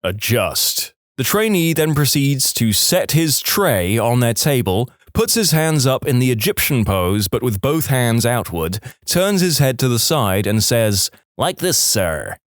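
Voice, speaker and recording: A man reads online stories aloud for a podcast, with an expressive, storytelling delivery. His pitch rises and falls widely, and the sound is close and dry, with no room echo. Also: measured pace. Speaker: podcast narrator. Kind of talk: storytelling reading of online posts.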